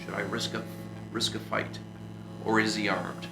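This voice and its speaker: A man's voice: lowish voice, level tone, moderate pace, background noise, close to an everyday voice. A man reading the lines of a young male inventor who speaks plainly and directly. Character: young male inventor, quick and level-headed. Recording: roomy echo with music behind.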